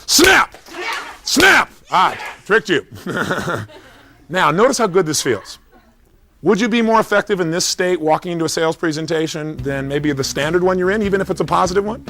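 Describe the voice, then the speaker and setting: A man in his fifties, a motivational coach giving an emphatic, energetic seminar talk. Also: sits high, fast.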